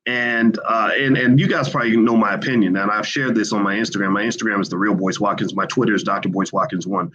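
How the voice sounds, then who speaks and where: A man's voice: lowish voice, fairly even intonation, fast talker, hardly any pauses, a bit bright, dull audio, a little hiss or hum. A man hosting a casual livestream, talking in a loose conversational way with many fillers and restarts. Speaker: livestream host. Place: indoors, hotel.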